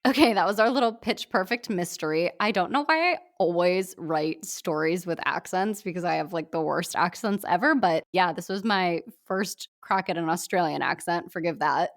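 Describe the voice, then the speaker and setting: A woman podcast host reading a short story aloud in a lively, upbeat scripted narration. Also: on the low side, normal speed, hardly any pauses.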